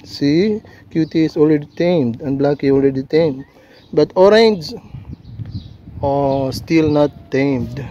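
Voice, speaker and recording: A man filming a casual vlog outdoors on a seafront, talking gently and coaxingly to stray cats while narrating on a handheld phone. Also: on the high side, slow, muffled recording, a little hiss or hum. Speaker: vlogger feeding stray cats.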